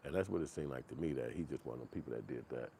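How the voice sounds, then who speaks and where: A man giving casual, animated and profane reaction commentary, acting out quotes in put-on voices. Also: a bass voice, rapid-fire, a little hiss or hum.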